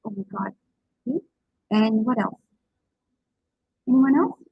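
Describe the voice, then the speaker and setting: Woman teaching public speaking, higher voice, kinda husky, dull muffled audio, keeps saying okay. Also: measured pace, dry recording. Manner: encouraging, asks questions, many okays and fillers. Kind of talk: interactive online lecture.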